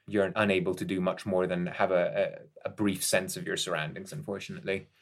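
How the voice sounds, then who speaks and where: A man's voice: deep voice, level tone, a little fast, gravelly. A young man running a tabletop game as game master, narrating scenes in detail and often breaking into laughter.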